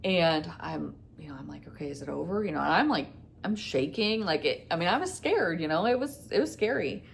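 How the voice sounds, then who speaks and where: Woman vlogger, low gravelly voice, chatty storytime, faint hiss behind. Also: animated, normal speed. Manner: rambling, retelling dialogue with many fillers. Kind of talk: casual storytime.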